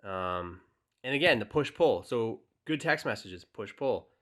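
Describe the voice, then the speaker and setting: In a slightly slow, lowish voice, this young dating coach talks casually and directly, using plenty of fillers. His tutorial includes reading text messages aloud.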